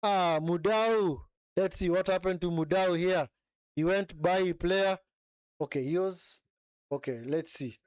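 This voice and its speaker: A man calls a football match live for his stream, excitable and chatty, looping back over the same words and ending lines with a questioning "eh?". His voice sits a little high and comes through smooth and clear. The sound is close and dry, with no room behind him. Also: unhurried, no room sound. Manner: excitable, repeats phrases, frequent tag "eh?". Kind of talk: live match commentary and chat.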